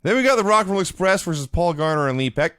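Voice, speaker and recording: A man co-hosting a casual chat show, telling stories with lively energy and shouting out the lines he quotes. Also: sits high, fast, clear, resonant tone, no echo, studio quality. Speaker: podcast co-host. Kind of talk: casual chat recapping old wrestling.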